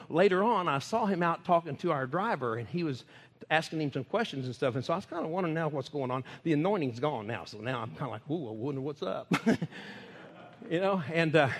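A Texan preacher tells stories from the pulpit in a folksy, laughing way. His pitch swings widely, and his voice has a slightly husky edge. The sound rings with the long echo of a large hall. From Texas. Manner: folksy, laughing, animated storytelling. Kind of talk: sermon storytelling. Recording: echoey hall.

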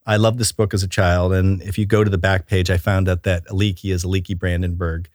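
Middle-aged male author, very low voice, dry close mic, eager and rambling storyteller. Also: little pitch movement, fast talker, no echo. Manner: enthusiastic and storytelling, with many fillers and restarts. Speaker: children's book author and illustrator. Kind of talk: relaxed interview chat.

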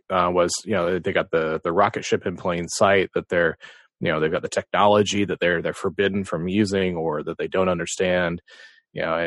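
Man, very low voice, thoughtful, rambling, dry. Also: fairly bright tone, dry recording. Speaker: podcast co-host. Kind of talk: casual chat.

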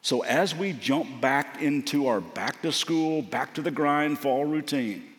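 A man's voice: a little high, measured pace, fairly bright tone. A man giving a sermon as a guest preacher, telling a story in a conversational, earnest way. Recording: long hall reverb.

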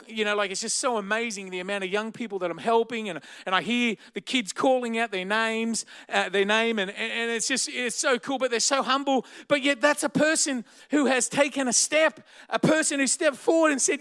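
A middle-aged Australian man preaching a sermon, energetic and joking, shouting for emphasis. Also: high-pitched, fairly quick, hardly any pauses.

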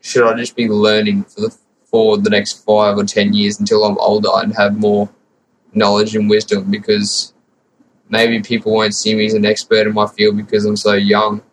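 A teenage Australian man leaves an earnest, rambling voicemail. His voice sits low and stays flat, with little rise and fall. A faint hiss hangs behind it. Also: normal speed, poor audio. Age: teens. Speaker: caller. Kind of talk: recorded listener voicemail.

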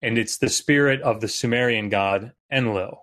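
A man speaking as a guest expert on a podcast, explaining at length with frequent fillers and pauses. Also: medium pitch, a bit bright. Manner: hesitant, many fillers. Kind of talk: casual podcast chat.

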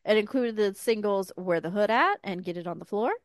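In casual podcast conversation, a thirtysomething co-host retells a life story with the smooth voice of a public-radio presenter, slipping in wry, deadpan remarks. She speaks at a medium pitch and brisk pace, recorded with no echo.

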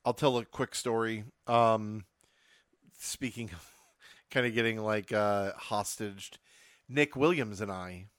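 A man's voice: lowish voice, slow pace, fairly bright tone, no room sound, studio quality. Rambling male podcast co-host. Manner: rambling storyteller, many fillers. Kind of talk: casual chat.

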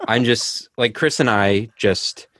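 Low-voiced joking podcast host, man. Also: takes it slowly, no room sound, studio quality. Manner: joking, animated banter. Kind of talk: casual chat.

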